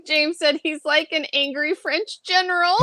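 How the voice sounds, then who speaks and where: A woman's voice: high voice, steady tone, a little slow, bright, forceful tone, dry recording. A woman co-hosting a pop culture podcast, teasing her co-host and giggling in casual chat.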